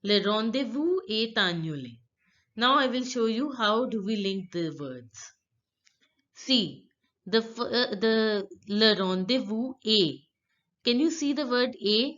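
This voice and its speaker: Woman, teacher, very slow and careful, patient repetition, dull lo-fi sound. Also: on the high side, animated, a bit bright. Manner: patient, repeats words for learners. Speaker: French teacher. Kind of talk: slow explanatory lesson.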